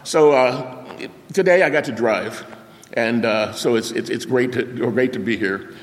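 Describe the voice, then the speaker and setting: Older preacher in a reverberant hall. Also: male voice, mid-range voice, unhurried. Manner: animated anecdote with sound effects and acted-out quotes. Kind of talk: storytelling sermon. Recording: long reverb of a large hall.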